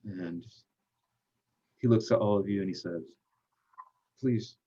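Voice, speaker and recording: A low-voiced man running a tabletop game as game master. He narrates in a halting way, with pauses and fillers between phrases. The recording sounds dull and lo-fi. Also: steady tone, warm tone, slight background noise.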